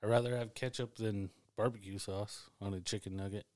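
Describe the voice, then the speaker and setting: Blunt, swearing, low-voiced guy. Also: steady tone, brisk, a little mellow, no room sound. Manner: blunt, enthusiastic, swears often. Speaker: podcast co-host. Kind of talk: casual chat.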